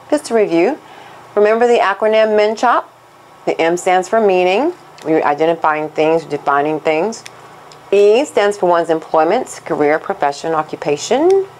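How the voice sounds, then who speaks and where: Slow, deliberate woman teaching Spanish. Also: lowish voice, animated, darkish tone, a little hiss or hum, low-quality recording. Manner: slow, deliberate teaching delivery, switching between English and Spanish. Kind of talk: scripted language lesson.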